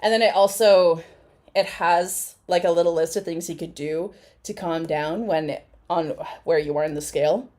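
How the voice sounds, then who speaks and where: A woman's voice: on the low side, normal speed, dark tone. A woman hosting a casual live chat, rambling and swearing freely as she reacts to clips. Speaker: host.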